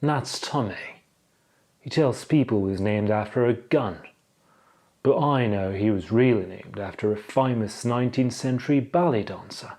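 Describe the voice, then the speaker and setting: A man's voice: fairly low pitch, normal speed, a little mellow, close to an everyday voice. A man voicing a weary male boxing promoter from a film monologue, narrating dryly and wryly.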